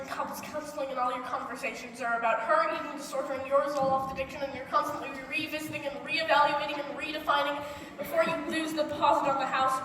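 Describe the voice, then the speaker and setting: A woman with a high-pitched, fairly bright voice plays a wry, rambling male musical fan, confiding asides to the audience as the narrator character on a theater stage. The recording is distant and echoey, with a little hiss or hum.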